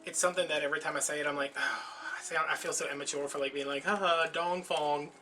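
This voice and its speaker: A man's voice: on the high side, level tone, rapid-fire, sharp tone, soft background music. A man chatting casually while he makes a craft, telling stories and acting out the voices of people in them. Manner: chatty storyteller, acts out quoted voices. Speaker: crafting vlogger.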